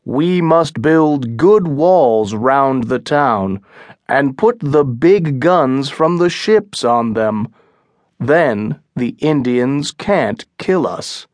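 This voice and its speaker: A man's voice: mid-range voice, expressive, very slow, a little mellow, dry recording. A man voicing a stern, commanding English colony leader in an audiobook, blunt and firm. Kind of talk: audiobook character reading.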